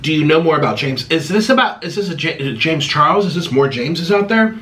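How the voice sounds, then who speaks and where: This man in his thirties hosts a home eating video, chatting casually and answering viewers with theatrical sarcasm and pitch that swings from high to low. He sounds animated, a bit bright, and a little fast, on a distant mic.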